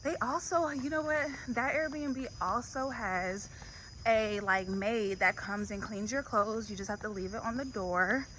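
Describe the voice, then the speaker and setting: A woman's voice: fairly high pitch, measured pace, a bit bright, low-quality recording. A young woman vlogging on a walk, chatty and out of breath as she heads uphill. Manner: chatty, walking uphill while talking. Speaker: travel vlogger. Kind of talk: casual vlog narration. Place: outdoors on a hillside street at night. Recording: outdoor noise with crickets.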